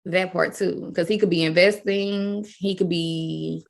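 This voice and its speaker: A woman's voice: fairly low pitch, steady tone, a little slow, creaky, a little hiss or hum. Candid Southern woman, podcast guest. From Louisiana. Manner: candid, emphatic, Southern slang. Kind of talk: casual podcast chat.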